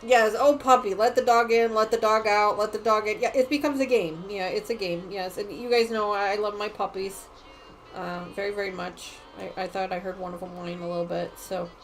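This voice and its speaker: A middle-aged woman hosting a home quilting livestream, chatting casually and rambling, often trailing off into quiet muttering as she works. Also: medium pitch, steady tone, moderate pace, faint music behind, low-quality recording. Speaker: sewing livestream host. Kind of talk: casual chat while quilting.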